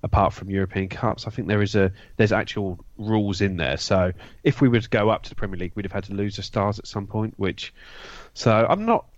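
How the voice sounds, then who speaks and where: In a dull, slightly lo-fi recording with no echo, a man speaks fairly quickly with few pauses in a voice on the low side. He's a co-host on a casual football podcast, airing strong opinions and often stumbling and starting over.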